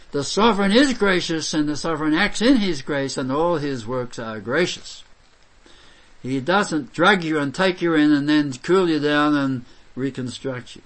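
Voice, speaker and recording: Man preaching with emphatic delivery, voice rising and falling in a lively way, loud exclamations set against soft asides. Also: medium pitch. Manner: reads scripture aloud and expounds it. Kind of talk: sermon.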